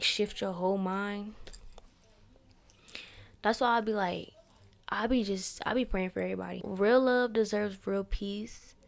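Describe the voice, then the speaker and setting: A woman's voice: mid-range voice, vocal fry, darkish tone. A young woman hosting a solo podcast, giving blunt, profane, preachy relationship advice in casual slang. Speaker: podcast host. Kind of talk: candid solo venting podcast.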